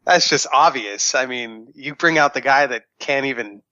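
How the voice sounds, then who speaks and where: A man's voice: medium pitch, normal speed, bright, forceful tone, no room sound, lo-fi sound. A man giving sardonic, matter-of-fact commentary in a casual podcast chat. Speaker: podcast guest.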